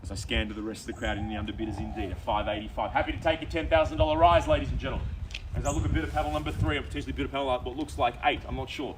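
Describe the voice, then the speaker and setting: An Australian man working as an auctioneer, calling bids in a quick, persuasive patter at an outdoor property auction. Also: mid-range voice, steady tone. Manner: fast, persuasive auction patter with repeated bid calls. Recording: distant outdoor mic with background noise.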